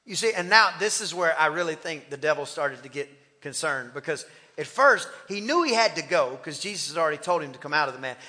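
A man's voice: a little high, lively intonation, brisk, sharp tone, long reverb tail. A male pastor preaching a sermon, emphatic and repetitive, building to rhythmic declarations. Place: church sanctuary.

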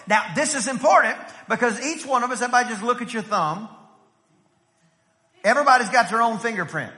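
A man preaching in a church, his voice very high and ringing bright. He tells family stories and climbs to shouts, with a long reverb from the hall trailing his words. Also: a little fast. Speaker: pastor. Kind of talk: sermon. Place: church sanctuary.

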